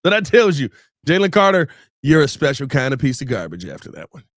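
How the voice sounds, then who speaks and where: A man co-hosting a sports podcast with an easygoing, joking manner. His voice sits at an ordinary middle pitch. The recording is close and dry. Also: big pitch swings, fairly quick, no room sound. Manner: laid-back, joking. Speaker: podcast co-host. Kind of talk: casual sports talk.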